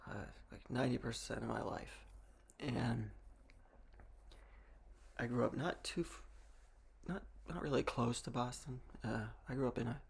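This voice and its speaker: A man's voice: mid-range voice, steady tone, measured pace, creaky, long pauses, husky. A young man from Massachusetts, talking to camera in a rambling, wry way, with restarts and small laughs. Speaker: vlogger. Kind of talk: casual monologue.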